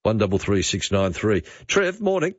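A man in his fifties with an Australian accent, hosting talkback radio with chatty quick asides. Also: fairly low pitch, very animated, dry recording. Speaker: radio host. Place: radio studio. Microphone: studio mic. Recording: slightly dull dry studio sound.

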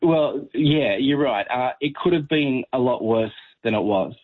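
A man's voice: mid-range voice, measured pace. A man talking films on a radio show in an easygoing, agreeable way. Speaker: film reviewer. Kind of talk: casual radio chat. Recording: tinny phone line.

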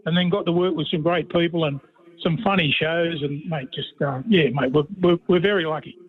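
High-voiced Australian man on a phone line. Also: fairly even intonation, a little fast. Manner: rambling, matey, fond of a yarn. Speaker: guest, former player turned commentator. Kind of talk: casual radio chat. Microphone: phone call.

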